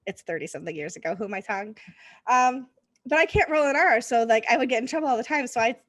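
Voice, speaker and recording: A woman's voice: a little high, lively intonation, fast talker, no echo. A woman, hosting a casual interview chat and laughing often. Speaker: podcast host.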